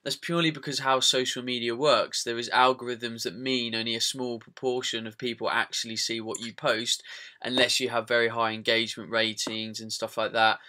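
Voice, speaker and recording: A man's voice: medium pitch, little pitch movement, brisk, pushed and bright. A British man hosting a podcast in casual, rambling chat, with frequent fillers and the odd swear word. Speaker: podcast host.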